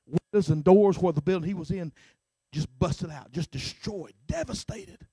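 A middle-aged man preaching a sermon as pastor, starting lines with a filler "uh" and swinging from shouts to hushed talk. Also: high-pitched, normal speed, slightly rough, no room sound. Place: church sanctuary.

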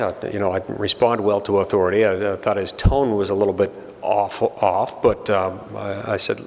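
Middle-aged male speaker, gravelly, dry self-deprecating humor, reverberant hall. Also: lowish voice, moderate pace. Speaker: senator giving a speech. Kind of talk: humorous public speech.

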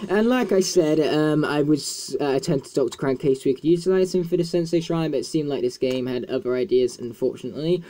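A man's voice: on the high side, fairly quick, hardly any pauses, dark tone. A man chatting casually as he plays a video game, in a talkative, self-mocking way. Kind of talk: casual gameplay commentary.

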